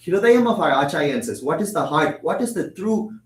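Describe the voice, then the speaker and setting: A young man giving a religious discourse at a temple, explaining verses, asking and answering his own questions, and chanting Tamil lines quickly. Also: fairly high pitch, very animated. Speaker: temple lecturer. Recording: echoey room.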